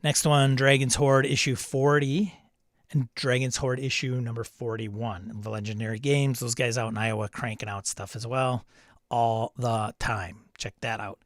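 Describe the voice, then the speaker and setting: A man's voice: mid-range voice, little pitch movement, measured pace, no room sound, studio quality. A man hosting a casual live stream about tabletop games, chatting loosely and reading out messages from chat. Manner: chatty, rambling, reads chat aloud. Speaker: host.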